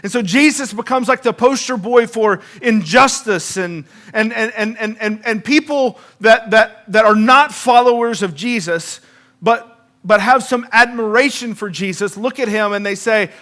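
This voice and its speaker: A man delivers a sermon in a high, bright voice. He speaks loosely and conversationally, often repeating a word before he finds the next one. Emphatic peaks give way to low, hushed finishes. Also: measured pace. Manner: conversational preaching with frequent repetitions and restarts. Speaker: pastor.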